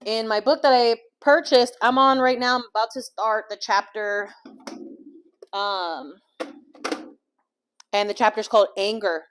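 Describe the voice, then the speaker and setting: A woman's voice: fairly high pitch, fairly even intonation, a little slow, long pauses, fairly bright tone, a little hiss or hum. Rambling woman chatting while cooking. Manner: rambling, full of fillers and swearing. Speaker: vlogger and life coach. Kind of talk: candid casual chat while cooking. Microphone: small clip-on mic.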